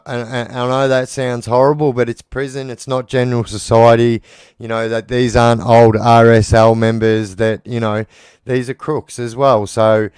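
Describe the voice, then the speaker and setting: A man's voice: medium pitch, a little mellow, clean tone, dry recording, clean studio sound. An Australian man in casual monologue, bluntly rambling about prison life and swearing freely. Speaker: former prisoner telling stories.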